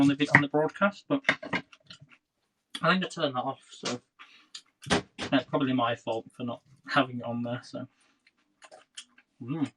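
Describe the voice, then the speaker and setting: This man, in his thirties, hosts a laid-back cooking stream from his home kitchen and talks to viewers as he goes. His medium-pitched voice is a bit bright. The low-quality phone recording carries a little hiss or hum, with kitchen clatter and clicks behind.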